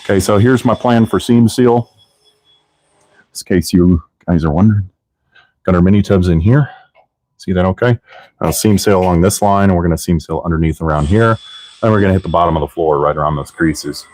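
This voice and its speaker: A man with a low, deep voice chatting casually on a live stream as he works in his garage. His talk is loose and full of swearing. The sound is dry and close, with little room echo. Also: fairly quick, a little mellow. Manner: loose, profanity-heavy shop talk. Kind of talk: casual live-stream chat while working. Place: car restoration garage.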